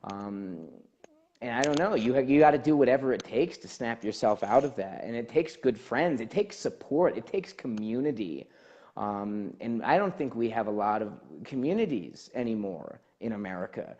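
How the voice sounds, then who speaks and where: A man hosts a casual podcast talk and speaks as a life coach. His pitch jumps around a lot while he rambles and restarts. The sound is dull and a little lo-fi. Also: moderate pace. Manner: animated, rambling, frequent fillers and restarts. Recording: dull lo-fi audio.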